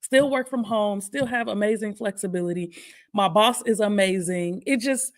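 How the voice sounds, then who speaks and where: A woman, a guest co-host telling a candid, lively personal testimony with laughter on a morning talk stream. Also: medium pitch, moderate pace. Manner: lively, laughing, acts out her own prayers.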